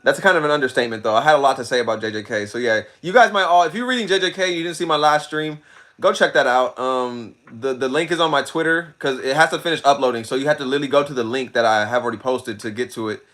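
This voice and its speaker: A man with a mid-range voice talks fast while streaming, casually reading and responding to his chat. He's animated and slangy, repeating himself and often cracking up laughing.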